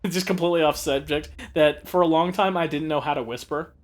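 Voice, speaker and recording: A man's voice: on the high side, fairly even intonation, normal speed, slight background noise. A young man giving casual, joking commentary over gameplay, offering tips and laughing often. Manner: giggly, jokey, gives gameplay tips. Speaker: let's play commentator.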